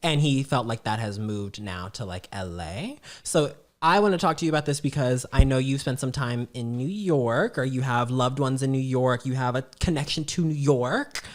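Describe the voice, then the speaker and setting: A podcast host chatting casually, playful and animated, often repeating short phrases. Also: medium pitch, moderate pace, hardly any pauses. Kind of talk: casual chat.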